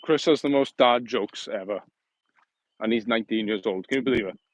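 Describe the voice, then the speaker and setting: A man's voice: on the low side, brisk, no room sound, rough recording. A young man chatting casually on a live stream, joking and answering viewer comments while walking outdoors.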